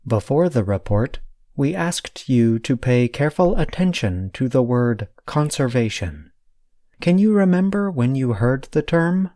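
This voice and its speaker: A man teaching a scripted vocabulary lesson at an unhurried pace, his pitch rising and falling a lot as he explains. His voice is warm and mellow, recorded dry and close with no room sound. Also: big pitch swings, no echo. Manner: careful, deliberate explaining. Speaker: podcast language teacher.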